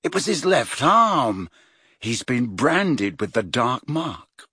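A stubborn, earnest teenage boy, as a man reads him, pushing his point with lively rises and falls. the voice is husky and dry. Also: mid-range voice, takes it slowly, no echo, full character voice. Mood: insistent. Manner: insistent, earnest.

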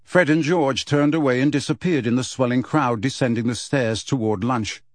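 A man reading a children's fantasy novel aloud as narrator, in a measured storytelling manner. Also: mid-range voice, dry recording. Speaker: audiobook narrator. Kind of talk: scripted narration.

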